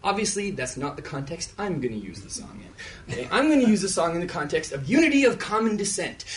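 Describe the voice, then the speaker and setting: A young man with a Canadian accent performs rap comedy live on a theater stage, his high voice leaping around with animated energy. He plays with words in quick, rhythmic runs and laughs his way through the asides. The sound is caught from some distance away, with a faint hiss underneath. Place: theater stage before an audience.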